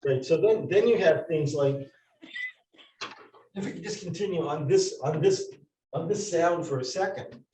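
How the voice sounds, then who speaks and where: A man's voice: on the high side, measured pace, warm tone, a little hiss or hum. A man teaching a class at a board, explaining step by step with many restarts and questions to his students. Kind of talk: classroom lesson. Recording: roomy, from far off the mic.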